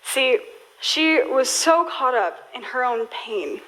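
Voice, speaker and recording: A woman's voice: high voice, expressive, slow pace, fairly bright tone, low-quality recording. A young woman preaching a sermon in a casual, storytelling way, full of "like" fillers.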